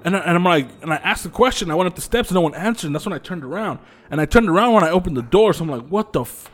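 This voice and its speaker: A man tells a spooky story to his podcast co-hosts in a loose, casual chat. His voice sits a little high and swings widely up and down as he acts out moments. The talk is profane, animated and full of laughter. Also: very fast. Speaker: podcast co-host.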